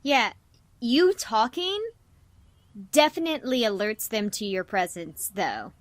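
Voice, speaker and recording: Slow-talking woman game master. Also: fairly high pitch, no room sound. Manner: relaxed, halting narration with fillers. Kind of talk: narrating a tabletop game.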